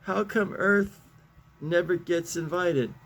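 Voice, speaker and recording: A man's voice: high voice, slow, a bit bright, slight background noise, voice pushed up, exaggerated voice. An old man reading as a breezy little comic-strip dog. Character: wisecracking little male cartoon dog.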